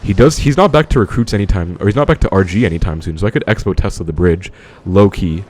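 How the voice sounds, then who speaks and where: Deep-voiced man commentating his own gameplay. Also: darkish tone. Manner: casual, thinking aloud, quick asides to viewers. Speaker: gaming commentator.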